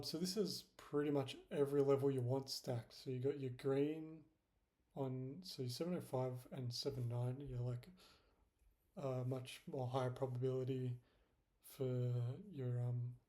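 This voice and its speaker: A man's voice: medium pitch, fairly even intonation, unhurried, mellow. A young man in casual screen-share commentary, rambling and self-deprecating, with many fillers. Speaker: trading vlogger.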